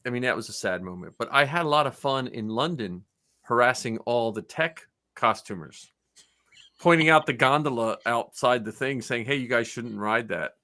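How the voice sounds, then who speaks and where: A man's voice: medium pitch, moderate pace, bright, forceful tone. A man co-hosting a fan podcast, chatting casually with many restarts. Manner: rambling, restarts often, laughs easily. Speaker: podcast co-host. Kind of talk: casual chat.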